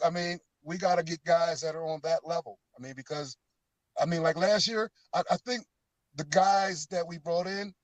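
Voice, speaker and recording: A middle-aged man with a high voice tells football stories as a guest, getting animated when he quotes old teammates. His voice sits close and dry, with no room sound. He speaks casually over a call-in line. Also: dry recording, rough recording. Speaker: guest, former pro football player. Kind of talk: casual phone interview.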